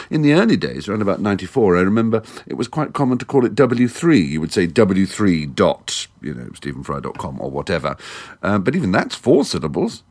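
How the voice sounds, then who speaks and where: A man's voice: fairly low pitch, darkish tone. A middle-aged English man hosting a monologue podcast into a studio microphone, wry, theatrical and erudite. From England. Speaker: podcast host.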